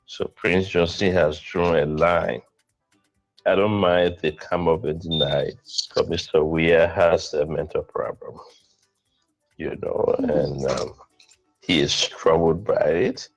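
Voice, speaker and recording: Low-voiced, blunt male commentator. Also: steady tone, takes it slowly, faint music behind, low-quality recording. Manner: blunt, scathing criticism. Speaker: political commentator. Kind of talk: radio political commentary.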